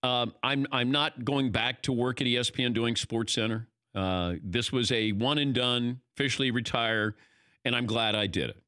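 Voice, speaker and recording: An older man hosting a casual chat, telling stories in an animated way and acting out what people said. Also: medium pitch, normal speed, dry recording, studio quality. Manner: animated storytelling, acting out quoted lines. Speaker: host.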